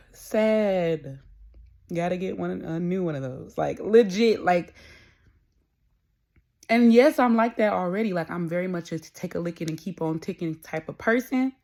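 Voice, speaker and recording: A woman's voice: lowish voice, expressive, a little slow, creaky, darkish tone. A young adult woman hosting a podcast, talking alone in a candid, rambling, conversational way. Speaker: podcast host. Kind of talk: casual solo monologue.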